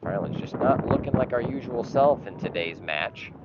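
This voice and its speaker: A man doing partisan play-by-play for his club's live stream, getting frustrated and sometimes yelling at calls. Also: medium pitch, expressive, normal speed. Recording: dull lo-fi live stream audio with noise.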